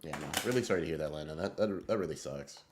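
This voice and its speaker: A deep-voiced man hosts a live stream and talks casually with his viewers. He rambles in excitable bursts and swears freely as he answers them. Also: quick pace, background noise. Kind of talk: casual livestream chat reading viewer messages.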